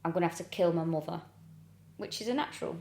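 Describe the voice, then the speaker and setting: A woman's voice: fairly low pitch, fast, dark tone, reverberant. A woman co-hosting a comedy podcast, recounting events with dry, sarcastic asides. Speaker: podcast co-host. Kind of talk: casual comedic chat.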